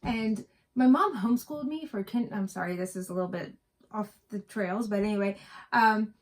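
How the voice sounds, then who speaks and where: A middle-aged woman from West Virginia co-hosts a cross-stitch vlog, chatting casually and telling rambling stories. She speaks at a medium pitch and a moderate pace.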